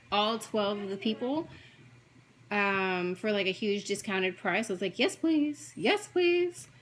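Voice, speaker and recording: A woman chatting quickly and excitedly as she shows her cross-stitch projects, jumping from one topic to the next. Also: fairly high pitch, slight background noise. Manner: fast, chatty, jumps between topics; excitable, gushing. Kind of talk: casual chat showing craft projects.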